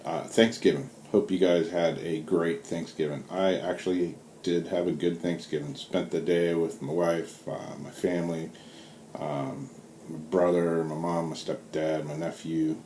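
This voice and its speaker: A middle-aged man with a Southern US accent telling stories in a relaxed, rambling vlog, full of fillers. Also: low voice, measured pace. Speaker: vlogger. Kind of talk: casual storytelling vlog. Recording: roomy with faint background hiss.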